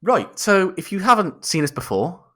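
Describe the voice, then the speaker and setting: A man's voice: high-pitched, sing-song, normal speed, fairly bright tone, a little hiss or hum. Joking, bantering young man podcast host. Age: young adult. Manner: jokey, swearing banter, mock-grand phrasing. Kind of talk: casual chat.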